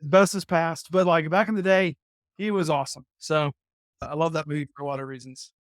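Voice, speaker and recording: A man's voice: on the high side, steady tone, fairly quick, dry recording, studio quality. A man in his thirties, a podcast guest and former college football player, telling an anecdote in a casual, playful, self-deprecating way.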